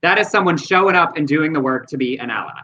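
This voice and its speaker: Man, news commentary co-host, earnest, explanatory, high bright voice, dull lo-fi recording. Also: fast talker, a little hiss or hum. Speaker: podcast co-host.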